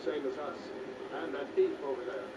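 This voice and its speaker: An actor playing a stern, earnest Nordic rebel soldier in a video game. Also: male voice, a little high, level tone, brisk, natural voice. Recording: distant lo-fi game audio with noise.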